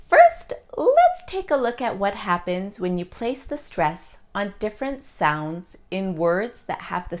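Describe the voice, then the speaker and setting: A woman teaching an English pronunciation lesson, saying each example word slowly and deliberately. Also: mid-range voice.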